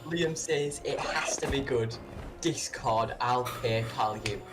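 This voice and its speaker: Teasing co-host man, slow drawl. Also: mid-range voice, noisy background. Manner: teasing, pushy, eager. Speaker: co-host reading the chat. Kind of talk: casual live stream banter.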